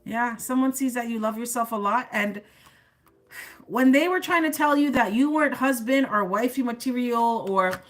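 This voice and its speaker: Woman reading tarot cards live, kinda high voice, sassy and chatty, laughing a lot at her own jokes. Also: normal speed. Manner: addresses viewers directly as the collective. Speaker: tarot reader.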